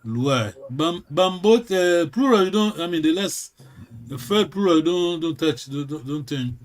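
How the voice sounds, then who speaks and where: A man teaching a language class in a halting way, repeating words and checking in with "yes?" again and again. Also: on the high side, expressive.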